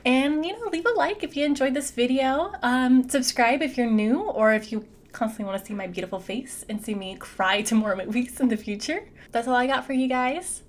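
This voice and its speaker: A woman's voice: high voice, moderate pace. A young adult woman giving a casual, chatty movie recap, peppering her speech with "like". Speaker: movie reviewer.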